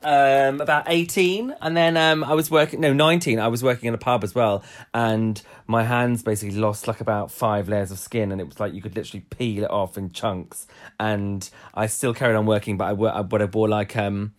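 A man's voice: lowish voice, fairly even intonation, fairly quick. A man co-hosting a podcast in easy, casual chat. He rambles and restarts his sentences, stumbling through fillers, and breaks into giggles often. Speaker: podcast co-host.

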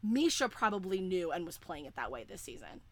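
A woman's voice: lowish voice, a little fast. A young woman chatting casually and emphatically with a friend, full of fillers and swearing. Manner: excitable, emphatic, swears often, many fillers. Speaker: fan podcaster. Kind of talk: casual chat.

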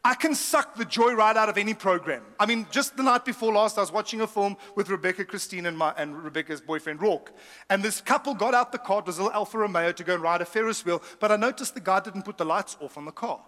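A man's voice: sits high, fast, long reverb tail. A middle-aged man preaching a humorous sermon, telling stories with laughs and asides. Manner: lively storytelling with laughs and asides. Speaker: pastor.

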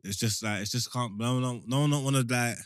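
Fast-talking young man. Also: medium pitch, clear, resonant tone, no room sound, clean studio sound. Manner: presses his point with repeated phrases and slang. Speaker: podcast co-host. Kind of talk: casual banter.

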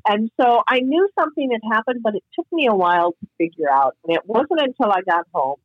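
A woman's voice: fairly high pitch, animated, brisk, no room sound, lo-fi sound. A woman guest telling a reflective personal story in casual podcast talk, heard over a call. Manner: earnest, reflective, spiritual storyteller.

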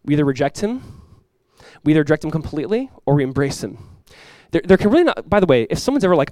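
A man preaching a sermon as pastor, emphatic, rising and swelling when he quotes scripture, with quick conversational asides. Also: fairly high pitch, lively intonation, darkish tone, dry recording.

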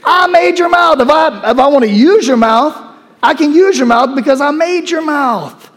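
A preacher doing a strident, exasperated God. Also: male voice, very high-pitched, moderate pace, fairly bright tone, pitched above the performer's own voice. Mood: indignant. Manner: emphatic, strident, repeating himself for effect. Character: God as an exasperated, forceful father figure. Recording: long hall reverb.

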